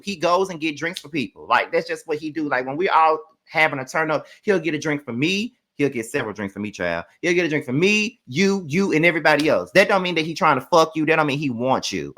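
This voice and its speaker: A man's voice: on the high side, bright, forceful tone. A man from Mississippi, recapping a reality show in sassy, profane, emphatic rants. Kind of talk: casual ranting commentary.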